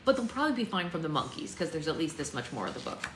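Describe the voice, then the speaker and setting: A young woman hosting a book club, reading a novel aloud live in a chatty way and pausing to soothe her baby. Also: low-pitched, big pitch swings, noisy background. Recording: echoey room, faint ambience.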